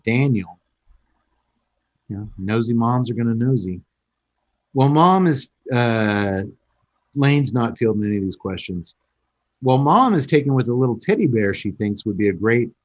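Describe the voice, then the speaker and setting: A man's voice: medium pitch, lo-fi sound. A man hosting a casual podcast, recapping a film with jokes and swearing. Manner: animated storyteller, swears, jokes. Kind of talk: casual chat.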